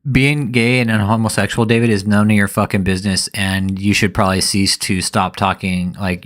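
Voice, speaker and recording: A man's voice: sits low, a bit bright. Angry, foul-mouthed commentator man. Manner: angry, profane ranting. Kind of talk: live reaction commentary.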